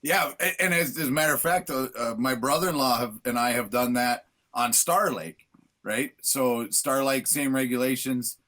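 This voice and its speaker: Earnest Midwestern guest. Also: male voice, mid-range voice, normal speed, sharp tone. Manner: earnest, repeats words when starting. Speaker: event chair guest. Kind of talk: casual conversational interview.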